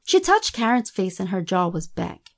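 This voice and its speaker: A woman narrating a horror story in a steady, even storytelling delivery. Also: mid-range voice, normal speed.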